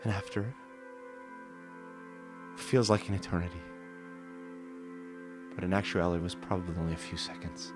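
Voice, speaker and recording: A man narrating an improvised solo tabletop role-play session in a slow, dramatic storytelling manner. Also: sits low, fairly even intonation. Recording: voice over background music.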